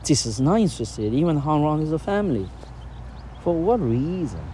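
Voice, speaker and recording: A man teaching spiritual ideas in casual conversation, animated and laughing often, with non-native grammar. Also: on the high side, fairly quick, slight background noise. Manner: animated, acts out quoted voices, laughs often.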